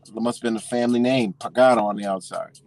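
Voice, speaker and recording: A man casually telling a story as a vlogger, swearing freely and animated as he talks. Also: medium pitch, fast, no room sound, faint music behind.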